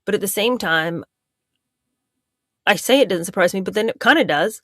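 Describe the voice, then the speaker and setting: A woman with a fairly low voice comments in a sarcastic, incredulous tone. The recording is dry and close. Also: dry recording. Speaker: guest commentator. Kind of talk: casual commentary.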